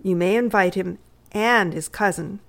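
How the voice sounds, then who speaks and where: A woman's voice: medium pitch, unhurried, gravelly. A woman doing a kindly, wry father. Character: kindly, dry-humoured doctor father. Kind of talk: readers' theatre reading.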